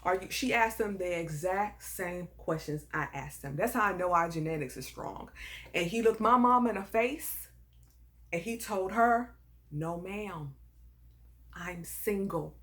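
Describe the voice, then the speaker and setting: A woman telling a personal story in a casual, animated and emphatic way, full of sass. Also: mid-range voice, measured pace. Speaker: storyteller vlogger.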